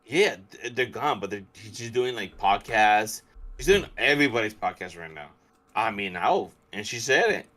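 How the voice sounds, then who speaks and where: A man's voice: fairly low pitch, animated, moderate pace, a bit bright. A man co-hosting a podcast in casual chat, rambling and restarting his sentences eagerly. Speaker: podcast co-host.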